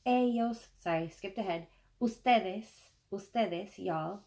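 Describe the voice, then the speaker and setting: Woman, patient grammar teacher, somewhat low voice, warm mellow tone. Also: creaky. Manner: patient, explanatory, slows down to stress key words. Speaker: language teacher. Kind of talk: spoken grammar lesson.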